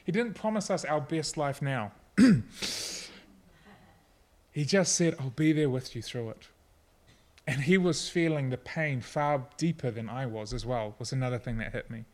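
A middle-aged man preaching a sermon, earnest and personal, at times soft and reflective. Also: mid-range voice, a little slow. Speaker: pastor.

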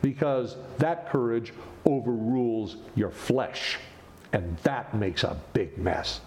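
A man preaching a sermon as pastor, animated and joking with the congregation between points. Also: medium pitch, slow, slight background noise.

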